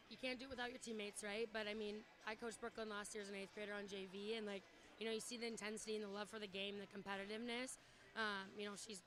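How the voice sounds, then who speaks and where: A woman's voice: mid-range voice, fairly bright tone. A woman volleyball coach in a post-game interview, out of breath and talking casually with many fillers.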